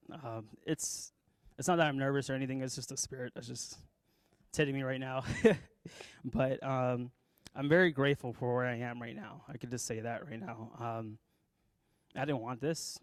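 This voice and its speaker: A young man speaking to a church group, emotional and halting, with many fillers as he gives a personal testimony and then begins a sermon. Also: mid-range voice, steady tone, dry recording.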